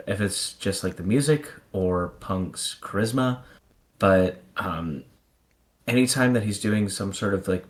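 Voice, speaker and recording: A man co-hosting a casual wrestling podcast, easygoing and hesitant, with many ums. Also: sits low. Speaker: podcast co-host.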